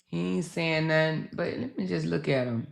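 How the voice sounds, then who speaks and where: A woman hosting a casual commentary livestream, chatting slowly with viewers, swearing and reacting to social media posts. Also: deep voice, vocal fry.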